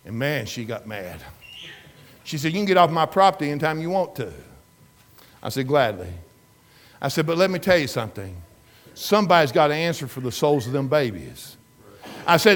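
A pastor preaches a sermon, telling a story with emphatic, repetitive delivery that rises and falls in intensity. His fairly high voice swings widely in pitch at a moderate pace, broken by long pauses.

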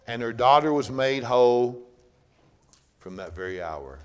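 A man preaching a sermon, swinging from loud bursts down to hushed, low-voiced passages. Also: expressive, measured pace, pauses often, smooth.

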